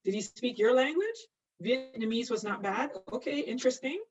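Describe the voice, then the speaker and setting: A woman's voice: fairly high pitch, animated, normal speed. Chatty woman lecturing on a dull distant mic. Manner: chatty, laughs often, answers students by name. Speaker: nursing instructor. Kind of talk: live online anatomy lecture.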